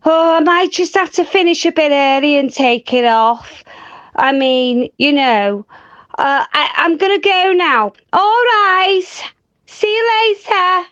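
A man voices a young woman in a piercing falsetto. She speaks slowly and sounds a little cagey. The recording is dull and flat, with no room around it. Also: dry recording, exaggerated voice. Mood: evasive. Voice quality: high falsetto.

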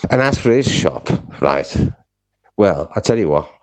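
A deep-voiced man rants through a comic monologue. He talks in aggrieved, gossipy bursts, swearing all the way. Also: very animated, unhurried, darkish tone. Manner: ranting, frequent swearing.

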